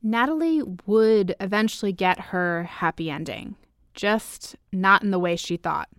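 A woman hosting a podcast, reading scripted narration in a measured, composed way. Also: mid-range voice, fairly bright tone, dry recording, clean studio sound. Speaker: podcast host.

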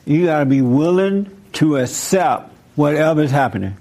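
A man giving an informal sermon to a group, talking casually and acting out scenes with lively voices. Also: fairly high pitch, moderate pace, gravelly. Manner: casual, acts out biblical figures in lively voices. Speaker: preacher teaching a group.

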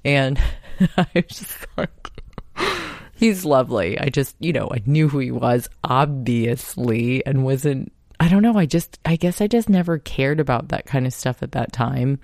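A woman's voice: extremely low pitch, animated, moderate pace, vocal fry, darkish tone, dry recording, studio quality. A woman in her thirties hosting a podcast, telling a personal story in a chatty, laughing, casual way. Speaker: podcast host.

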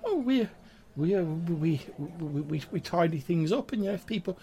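A man voicing a tiny, wizened male sprite who stammers in a squeaky voice and keeps apologising. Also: expressive, normal speed, dark tone, slight background noise. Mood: panicked. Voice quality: squeaky, high-pitched, stammering. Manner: panicked, deferential, calls everyone sir.

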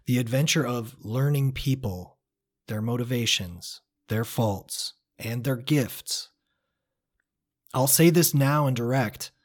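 Reflective man narrating his travel story. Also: mid-range voice. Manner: reflective, measured, quietly earnest. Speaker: storyteller reading his own travel writing. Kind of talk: first-person story narration.

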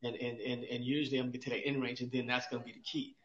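A man's voice: medium pitch, flat delivery, very fast. A man co-hosting a podcast, explaining exercise in casual chat, asking himself rhetorical questions and restarting often. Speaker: podcast co-host, exercise expert. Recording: roomy, dull lo-fi sound.

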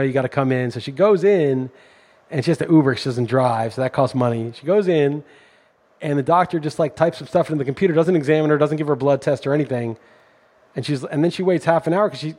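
A man's voice: a little high, darkish tone. A middle-aged man hosting a podcast, telling a story in an indignant, ranting way. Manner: indignant, storytelling, rising intensity when ranting. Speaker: podcast host. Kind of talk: casual podcast chat.

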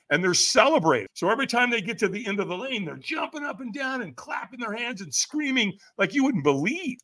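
Animated, bright-voiced male storyteller. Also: sits high. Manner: acts out quoted voices, emphatic. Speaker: podcast guest.

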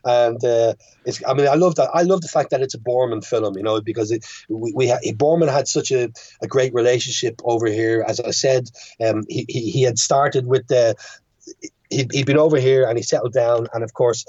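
A man's voice: medium pitch, moderate pace, darkish tone, no echo, dull audio. A young Irish man, a filmmaker, chatting casually as a podcast guest and rambling with frequent restarts. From Ireland. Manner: rambling, many restarts and stammers.

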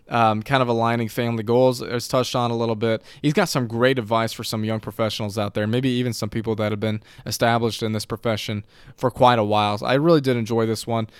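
A man's voice: mid-range voice, fairly even intonation, fast talker, smooth, dry recording, studio quality. A man hosting a podcast, introducing a guest and asking questions in a loose, conversational way with plenty of filler words. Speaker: podcast host.

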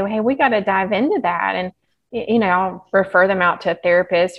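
A woman's voice: mid-range voice, highs cut off. A woman guest talking openly and animatedly in a casual interview about her health journey, laughing as she tells stories. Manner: open, animated storytelling with laughs. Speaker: podcast guest, health practitioner.

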